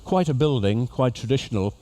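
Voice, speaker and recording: A man's voice: medium pitch, expressive, fairly quick, warm tone. A man giving a humorous, chatty talk to cruise passengers as an after-dinner speaker. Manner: jokey, chatty storyteller addressing an audience. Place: ship lecture venue.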